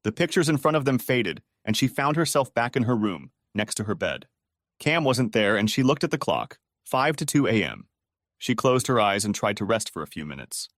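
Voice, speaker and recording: Expressive male audiobook narrator. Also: on the low side, dry recording, clean studio sound. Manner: expressive storytelling, quiet dialogue tags. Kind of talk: scripted narration.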